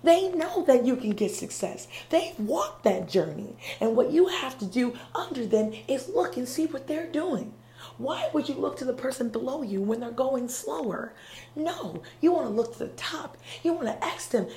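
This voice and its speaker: A woman hosting a podcast, giving an earnest motivational monologue in a conversational way, often checking in with "okay?" and "right?" and sometimes dropping to a soft whisper. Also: high-pitched, expressive, moderate pace. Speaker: podcast host. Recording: roomy with faint background hum.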